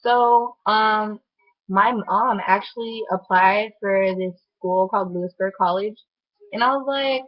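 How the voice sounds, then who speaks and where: A woman's voice: medium pitch, a little slow. Chatty young woman, lo-fi recording. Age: young adult. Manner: chatty, animated, lots of "like" fillers. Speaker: vlogger. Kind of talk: casual storytelling to camera. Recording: dull lo-fi sound.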